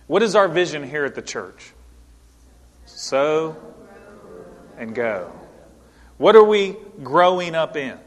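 A man's voice: on the high side, big pitch swings, takes it slowly, pauses often. Man preaching in a reverberant church. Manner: earnest, emphatic preaching with rising exhortations. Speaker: pastor. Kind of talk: sermon. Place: church sanctuary. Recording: long hall reverb.

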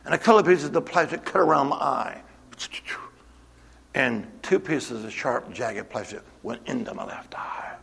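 A man preaching a sermon to his church, moving from quiet storytelling to shouted exhortation. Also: medium pitch, normal speed, vocal fry, in a large hall, slight background noise. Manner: builds from hushed storytelling to shouted call-and-response exhortation. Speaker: pastor.

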